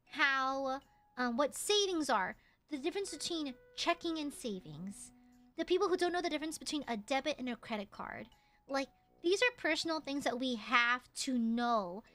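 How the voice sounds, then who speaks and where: Chatting casually with viewers on her stream, a high-voiced young woman swears freely and lets out squeals when excited.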